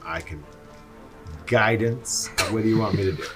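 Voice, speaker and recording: A man playing a tabletop game, joking and talking in halting bursts. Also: on the low side, music in the background. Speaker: player. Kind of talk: casual tabletop game chat.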